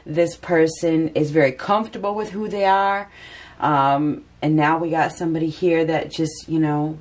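A woman's voice: deep voice, fairly even intonation, moderate pace, darkish tone. A woman giving a casual spoken tarot reading, chatty and repeating phrases for emphasis. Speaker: tarot reader.

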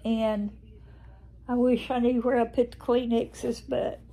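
A woman's voice: a little high, flat delivery, slow pace, dark tone. An older woman with a Southern American accent, chatting tenderly and homely to her viewers in a casual vlog. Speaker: vlogger. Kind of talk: casual chat to camera.

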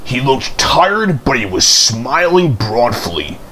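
A man reading a children's storybook aloud in an expressive storytelling manner. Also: mid-range voice, takes it slowly, a crowd in the background.

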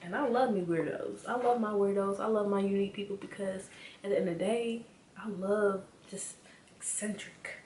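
A woman giving a casual, animated motivational talk straight to her viewers as a spiritual vlogger, repeating her points for emphasis. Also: mid-range voice, moderate pace. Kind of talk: casual motivational rant to camera. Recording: echoey room with faint background hum.

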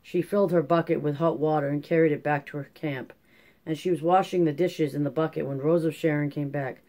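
An audiobook narrator reading a classic novel in steady, measured scripted narration. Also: medium pitch.

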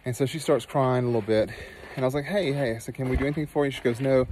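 Outdoors in a dry canyon, a man who is a nurse and meditation teacher tells a personal story earnestly and animatedly, then turns soft and slow as he guides a meditation. His voice is mid-range, and the rough recording has slight background noise.

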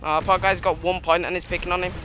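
A man giving excitable, trash-talking commentary over his gameplay, laughing often. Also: high-pitched, quick pace, background noise. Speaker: gaming YouTuber.

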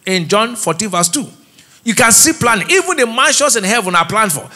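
A middle-aged Nigerian man preaching in a church auditorium has his congregation complete his phrases, a call-and-response sermon. The pastor's voice sits high, with lively intonation, a slightly fast pace, and a bright, forceful tone.

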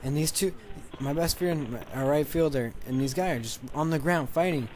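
A man telling a story in a casual, excited, rambling way over gameplay, restarting his sentences often. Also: on the high side, moderate pace, heavy background noise. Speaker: gaming channel commentator.

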